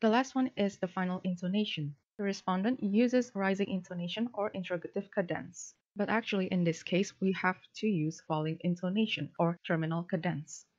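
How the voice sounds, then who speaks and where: A woman presenting linguistics research, reading a prepared academic talk in a steady, formal way with a few fillers. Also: mid-range voice, fairly quick, few pauses. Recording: dull lo-fi recording.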